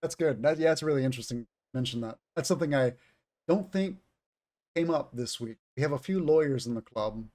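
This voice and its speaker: In a conversational interview aimed at language learners, an English teacher questions a guest and explains terms, thinking aloud along the way. His voice is mid-range and darkish in tone, and he speaks briskly.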